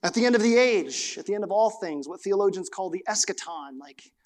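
High-voiced pastor preaching with rhetorical questions. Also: male voice, brisk. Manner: animated, rhetorical questions, reads scripture aloud. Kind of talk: sermon.

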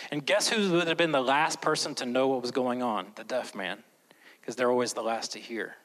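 A man preaching a sermon as a pastor, swinging between loud, emphatic lines and hushed, slow ones. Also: fairly high pitch, low-quality recording. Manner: slows down and whispers for emphasis.

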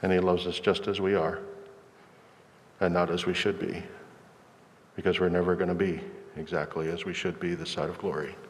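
Man, pastor, sermon, reflective, measured, low voice, hall reverb. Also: flat delivery, a little hiss or hum.

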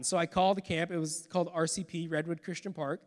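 High-voiced male pastor in a reverberant hall. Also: fast, few pauses. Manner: storytelling, animated with acted quotes. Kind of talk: sermon testimony.

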